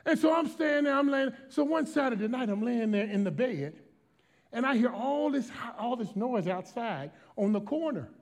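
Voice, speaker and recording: High-voiced emphatic preacher man. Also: animated, moderate pace. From Washington, D.C. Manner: emphatic and dynamic, swinging from shouts to hushed storytelling. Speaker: pastor. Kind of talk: preaching a sermon.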